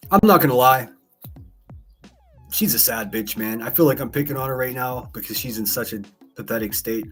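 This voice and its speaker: A man hosting a casual live stream, reading chat aloud and commenting in a blunt, profane, mocking way. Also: mid-range voice. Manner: reads chat messages aloud. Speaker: live-stream host reacting to clips.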